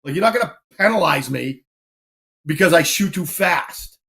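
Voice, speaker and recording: A fairly high-voiced man chats casually. He tells his story with animated energy and slips into shouted calls and other people's voices as he goes. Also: moderate pace. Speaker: podcast host.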